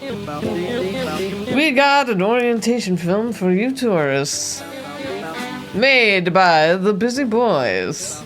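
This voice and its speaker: A woman voicing a laid-back, party-loving cat man, reading his game lines slowly. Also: mid-range voice, expressive, soft background music.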